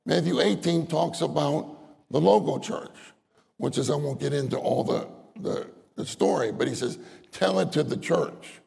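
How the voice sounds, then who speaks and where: A man's voice: on the high side, normal speed, vocal fry, a little mellow, breathy edge. A man preaching a sermon, citing verses and repeating phrases, rising into earnest, pleading prayer. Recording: long hall reverb.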